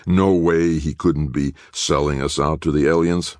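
A man voicing a relaxed, sly middle-aged man who speaks smoothly and without hurry. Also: a bass voice, a little slow, dry recording, studio quality. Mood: calm, needling.

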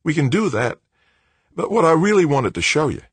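A serious young factory director with a light Australian accent, voiced by a man raising his pitch well above his own in an audiobook, earnest and matter-of-fact as he explains how things work. The voice is noticeably lighter than the narration around it, in a dry, close recording. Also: sing-song, normal speed, husky, dry recording. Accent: Australian, slight. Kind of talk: audiobook character voice.

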